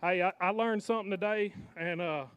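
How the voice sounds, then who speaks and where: High, smooth-voiced grateful angler man. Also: fairly even intonation, fairly bright tone, dull audio. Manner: grateful, halting, many fillers. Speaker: pro angler. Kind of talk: post-weigh-in interview.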